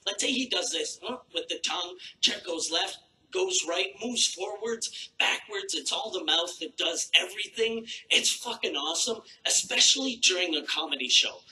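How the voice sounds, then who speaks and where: A man telling a crude story as a stand-up comedian on a live stage, talking in a jumpy, animated way with sudden bursts upward. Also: high-pitched, a little hiss or hum, rough recording. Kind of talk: stand-up set.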